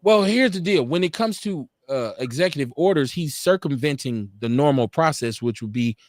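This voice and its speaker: A fervent male talk-show host with a slightly raised pitch, his speech punchy, profane and preacherly. He hammers each point through repetition, recorded dry and close with almost no room sound. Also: animated, moderate pace, darkish tone, dry recording. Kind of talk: impassioned political talk-show commentary.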